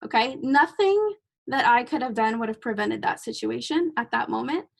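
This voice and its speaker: A woman's voice: a little high, expressive, moderate pace, gravelly. A woman host and clinician in a casual podcast conversation, a chatty storyteller who laughs easily.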